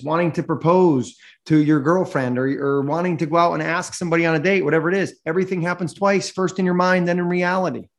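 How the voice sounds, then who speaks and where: A man hosting a podcast and speaking at a seminar, with an energetic, motivational delivery. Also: on the high side. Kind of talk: seminar talk.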